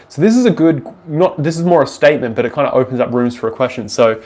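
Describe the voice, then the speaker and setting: A man's voice: medium pitch, lively intonation, quick pace, hardly any pauses, a little mellow. A young Australian man with an Australian accent, casually answering viewer questions on a live stream in a loose, rambling way, full of ums and restarts.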